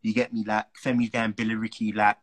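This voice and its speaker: A young man, a footballer telling an animated, slang-filled story as a guest. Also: on the low side, fast talker, rough recording. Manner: animated, slang-heavy, acts out the people he quotes. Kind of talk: casual storytelling.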